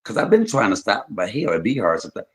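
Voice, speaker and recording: A man hosting a livestream, telling stories in casual chat, swinging between loud and soft. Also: on the low side, big pitch swings, fast. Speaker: livestream host.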